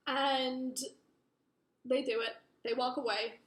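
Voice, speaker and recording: A young woman who reviews books casually recaps a plot in a high voice, keeping a steady tone and measured pace. She rambles, leaning heavily on fillers and swearing, and the recording has a roomy echo.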